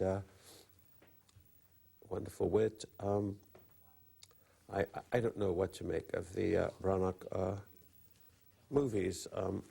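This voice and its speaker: An older man speaks in a gravelly, husky low voice, dark and mellow in tone. He talks haltingly, with frequent pauses and stammered restarts. It sounds like a call-in interview broadcast. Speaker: interview guest, literary critic.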